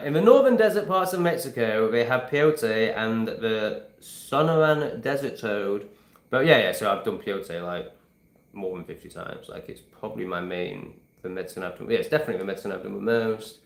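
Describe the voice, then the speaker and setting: A man's voice: lowish voice, expressive, moderate pace, a little mellow, roomy sound. A man in his forties chatting casually to camera, rambling and swearing freely as he restarts his sentences. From England. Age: 40s. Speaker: vlogger.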